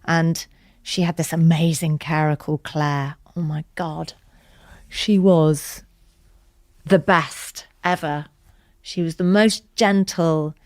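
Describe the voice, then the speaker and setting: A woman's voice: low-pitched, dry recording, clean studio sound. Tender woman telling her story. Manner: earnest, tender, drops to soft whispers at times. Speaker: podcast guest. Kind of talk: emotional personal storytelling.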